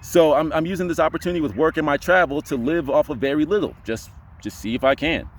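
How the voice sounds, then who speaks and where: Fast, rambling young man telling a story. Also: on the high side. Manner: rambling, heavy on fillers like "you know". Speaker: spiritual vlogger. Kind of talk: casual storytelling vlog.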